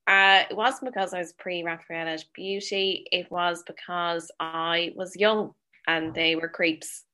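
A woman's voice: on the low side, fairly even intonation, a little slow, bright, forceful tone. An Irish woman co-hosting a podcast, wry and reflective in casual chat. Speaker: podcast co-host.

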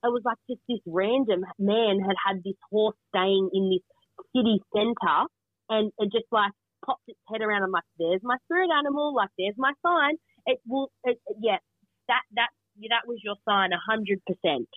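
A woman's voice: medium pitch, fairly even intonation, moderate pace, no echo. A middle-aged woman as a guest, chatting earnestly and eagerly over a remote call. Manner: earnest, enthusiastic storyteller. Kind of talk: casual chat. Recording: tinny phone-line sound.

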